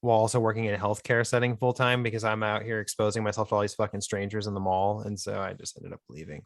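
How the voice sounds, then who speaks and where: A man co-hosting a podcast in casual chat, laughing often and making wry deadpan asides. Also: lowish voice, fast, no room sound, studio quality. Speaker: podcast co-host.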